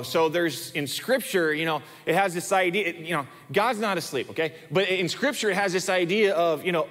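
A man's voice: fairly high pitch, unhurried, fairly bright tone. A male pastor preaching a sermon in an emphatic way, often repeating words for stress. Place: church sanctuary. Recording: long reverb of a church hall.

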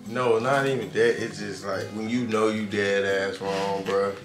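A man's voice: lowish voice, steady tone, unhurried. A young man in his twenties, chatting casually next to his girlfriend, laid-back and slangy, trading jokes with her. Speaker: vlogger's boyfriend. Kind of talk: casual couple Q&A chat. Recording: echoey room with music behind.

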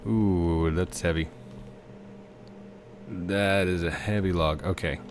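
Thirties male game host, very low voice, chatty and rambling, noisy mic with game sounds behind. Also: steady tone, takes it slowly. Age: 30s. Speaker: let's play host. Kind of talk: casual gameplay commentary.

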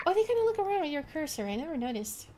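A woman's voice: high voice, very animated, racing, heavy background noise. A young woman joking around goofily and laughing often while playing a co-op horror game. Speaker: co-op horror gaming streamer. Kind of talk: casual gaming banter.

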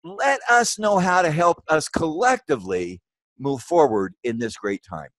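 A man's voice: expressive, measured pace, fairly bright tone, dry recording. An older man speaks as a guest presenter on a webinar, earnest and emphatic. His voice leaps upward whenever he drives a point home. The sound is close and dry, with no room around it. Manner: emphatic, earnest, with sudden rises in pitch when stressing points. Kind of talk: presentation and discussion.

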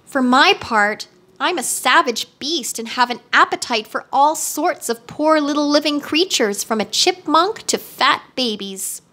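A woman voicing a huge, gentle male tiger who is always hungry, speaking slowly in a storybook reading. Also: sits high, expressive, voice pushed up, exaggerated voice. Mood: mournful. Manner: slow and drawn out.

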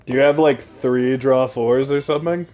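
A man's voice: mid-range voice, fairly even intonation, normal speed, a little mellow, highs cut off, soft background music. A man streaming a card game, joking with friends in casual chat. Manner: playful, jokey, bursts into sung theme lines.

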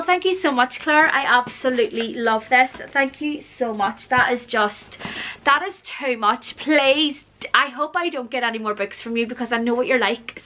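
Excitable lady in her 40s doing a book unboxing vlog, bright voice, little bit of background hiss. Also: a little high. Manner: gushing and excitable, frequent gasps and squeals. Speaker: book vlogger. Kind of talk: casual gift unboxing vlog.

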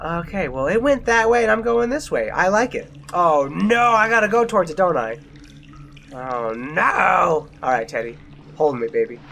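A man's voice: sits high, lively intonation, normal speed, fairly bright tone, a little hiss or hum. A young man playing a horror game, jumpy and exclaiming, often mocking himself. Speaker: let's play gamer.

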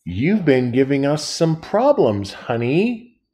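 A menacing teacher who is really a winged monster, her voice pitched higher and threatening, as a male reader puts her on. She speaks like a storybook villain, cold and sinister. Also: big pitch swings, takes it slowly, dark tone, a little hiss or hum.

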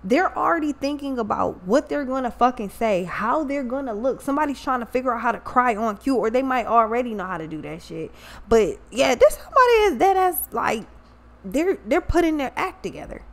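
A woman's voice: fairly high pitch, lively intonation, brisk, vocal fry. Blunt, profane woman reading tarot. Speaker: tarot reader. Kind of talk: casual tarot reading vlog.

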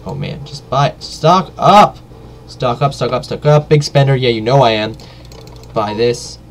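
A man giving joking live commentary while playing a game, yelping and shouting during fights. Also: mid-range voice, animated, unhurried, a little hiss or hum. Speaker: let's play gamer.

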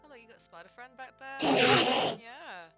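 A young woman doing casual gameplay commentary, chatting to the game's creatures and breaking into loud outbursts. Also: on the high side, animated, very fast. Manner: chatty, talks to game mobs, bursts into loud yelps. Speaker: gaming video creator. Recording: loud game music behind. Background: game music.

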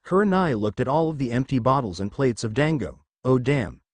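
Brief: male narrator, lively pitch, dry close sound, storybook read. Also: fairly quick, dry recording. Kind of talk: storybook reading.

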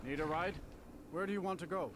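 An offhand carriage driver. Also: male voice, sits high, brisk, fairly bright tone. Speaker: game character. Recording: faint game audio with heavy ambience.

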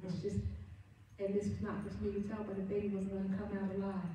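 Female minister, warm low-toned voice, earnest storytelling sermon, recorded from a distance in a church. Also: monotone, fast talker, slight background noise. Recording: very echoey room, voice from afar.

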